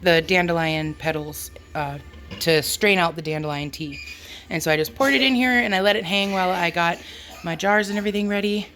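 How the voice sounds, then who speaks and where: A woman's voice: fairly quick, a bit bright, soft background music. A woman chatting casually in her home kitchen as a homestead vlogger, talking while she works and joking about herself. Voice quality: squeaky. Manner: chatty, self-deprecating, talks while working.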